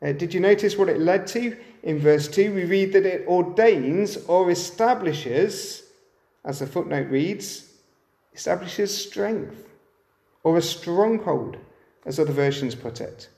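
A man's voice: sits high, animated, unhurried, creaky, darkish tone, echoey room. A man preaching a sermon, often turning to the listeners with rhetorical questions.

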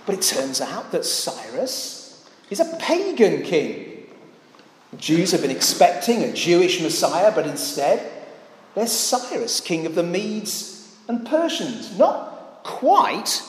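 A man's voice: high-pitched, very animated, slow pace. A man preaching a sermon in a church, earnest and often putting rhetorical questions to the congregation. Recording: echoey church hall.

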